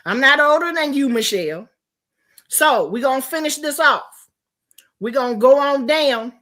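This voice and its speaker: A woman's voice: high-pitched, lively intonation, moderate pace, fairly bright tone. An older woman streamer in a profane, confrontational livestream rant.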